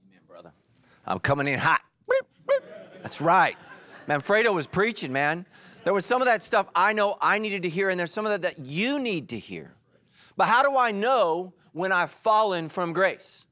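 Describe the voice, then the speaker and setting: A middle-aged man preaching a sermon in church, animated and joking, breaking into quick quoted voices. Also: high-pitched, no echo. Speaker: pastor. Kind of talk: energetic sermon.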